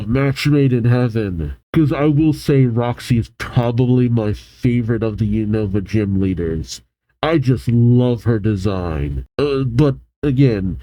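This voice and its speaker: Animated man rambling about manga. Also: mid-range voice, no room sound, rough recording. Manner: rambling, self-correcting, laughs often. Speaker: manga reaction host. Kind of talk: casual manga reading and commentary.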